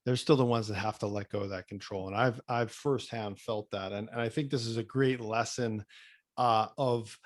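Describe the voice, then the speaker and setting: A man's voice: lowish voice, fairly even intonation. A man hosting a podcast interview, reflective and personal, often restarting his sentences as he gathers his thoughts. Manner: reflective, shares personal experience, halting restarts. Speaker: podcast host.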